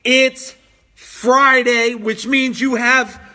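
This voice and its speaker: A man's voice: very high voice, extremely slow. A man hosting a motivational business live stream at home, reading out viewer comments and pushing them hard with repeated phrases. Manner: energetic, pushy, repeats phrases for emphasis.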